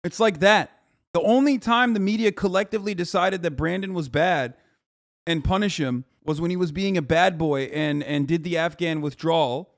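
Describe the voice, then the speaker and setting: A man in his thirties giving casual live-stream commentary, blunt, mocking and profane, talking fast in bursts. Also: on the high side, dry recording, clean studio sound. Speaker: political streamer.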